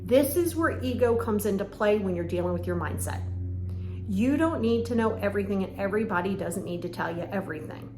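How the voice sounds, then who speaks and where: A woman's voice: mid-range voice, expressive, fairly quick. A woman hosting a podcast as a coach, talking directly and emphatically and acting out bits of dialogue. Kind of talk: motivational monologue. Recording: echoey room with faint ambient noise. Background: faint ambience, lawnmower outside.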